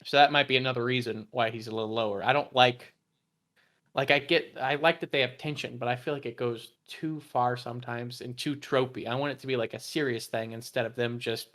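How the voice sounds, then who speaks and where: A man with a mid-range voice co-hosts a relaxed podcast chat. He gives his opinions, reasons through them and leans on "like" as a filler. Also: mid-range voice, fairly quick. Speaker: podcast co-host. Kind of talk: casual chat ranking anime characters.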